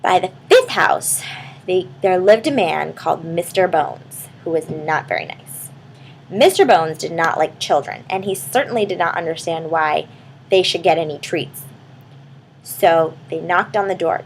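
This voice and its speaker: A woman telling an improvised bedtime story to a child, speaking warmly and turning to the listener with questions. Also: lowish voice, a little slow, a little hiss or hum, rough recording. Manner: warm, addresses the listening child directly.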